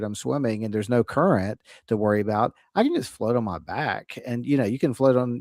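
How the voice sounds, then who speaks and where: A man's voice: mid-range voice, darkish tone, no room sound, studio quality. A man hosting a casual discussion, thinking aloud with frequent restarts and acting out scenarios. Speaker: host.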